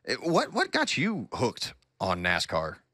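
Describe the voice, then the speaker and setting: A man's voice: medium pitch, huge pitch swings, slow pace, bright, forceful tone, no echo, studio quality. A man hosting a casual chat, easygoing and joking. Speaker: host.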